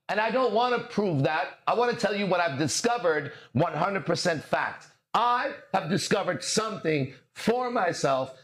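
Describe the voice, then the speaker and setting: Swaggering, animated man talking to camera. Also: high voice. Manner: swaggering, profane, preachy, with dramatic pauses. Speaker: mindset coach and podcast host. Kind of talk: podcast monologue.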